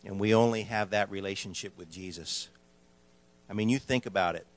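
Low-voiced man speaking from the congregation. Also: normal speed. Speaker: congregation member. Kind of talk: comment during open discussion.

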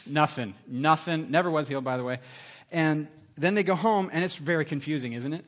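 A middle-aged man preaching a sermon, telling stories with lively, animated delivery and acting out other people's voices. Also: fast. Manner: animated storytelling, acts out voices with big pitch jumps. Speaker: pastor.

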